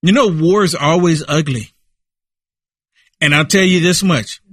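A man's voice: a little high, measured pace, a bit bright, slightly rough, no room sound, studio quality. A man giving impassioned political commentary in an emphatic, repetitive, preaching way.

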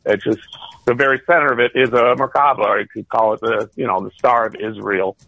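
Husky man hosting with a gravelly edge. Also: medium pitch, steady tone, brisk, pushed and bright, no echo, poor audio. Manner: loose, filler-heavy talk. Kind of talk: casual interview chat.

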